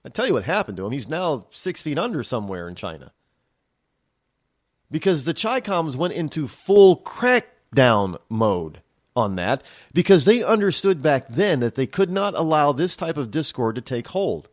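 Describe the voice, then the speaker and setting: A man's voice: on the high side, sing-song, moderate pace. An American man hosting a talk radio show, delivering a rambling, emphatic political monologue full of restarts and asides. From United States.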